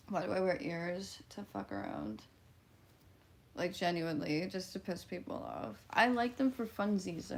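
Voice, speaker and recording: Woman streamer, Midwestern twang, fry-heavy voice, casual and profane. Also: lowish voice, slight background noise. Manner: blunt, offhand and profane, laughs often. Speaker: livestreamer. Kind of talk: casual livestream chat, reading viewer comments.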